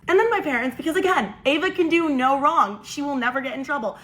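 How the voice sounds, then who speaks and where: A young woman telling a story for a vlog, animated and incredulous, as if she still can't believe it. Her voice sits a bit high and rings bright and forward, with a casual, exasperated energy. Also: fast talker.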